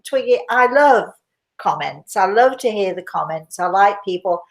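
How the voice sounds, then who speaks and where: A woman's voice: medium pitch, animated, normal speed. An older British woman with a British accent hosting a casual livestream, chatty and rambling, laughing easily. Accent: British English. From Britain. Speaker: host. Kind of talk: casual livestream chat with audience questions.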